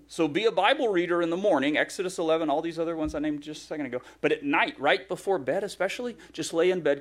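A man's voice: high-pitched, very animated, brisk, few pauses. A male pastor preaching a sermon in a conversational, humorous way, acting out grumbling voices.

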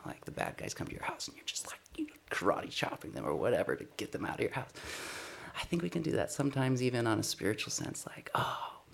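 Earnest man with a gravelly voice. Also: lowish voice, slight background noise. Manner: earnest, self-deprecating storytelling. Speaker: speaker sharing a personal testimony. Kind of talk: conversational sermon.

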